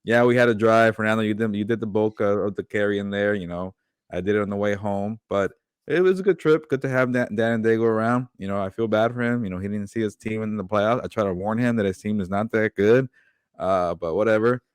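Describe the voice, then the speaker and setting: Low-voiced man with teasing banter. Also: fairly quick, clean tone, dry recording, studio quality. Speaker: podcast co-host. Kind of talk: casual sports chat.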